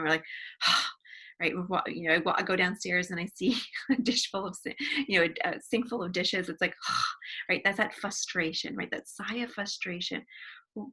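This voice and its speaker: A woman counselor leading a guided wellness exercise from her home office, gently counting aloud and demonstrating sighs. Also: mid-range voice, breathy edge.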